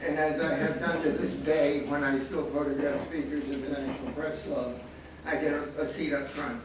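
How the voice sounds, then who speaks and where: This septuagenarian panelist, formerly a student photographer, has a fairly high pitch and a flat delivery at moderate pace. He recounts anecdotes wryly with frequent chuckles, in a recording marked by hall echo, a distant mic and audible noise.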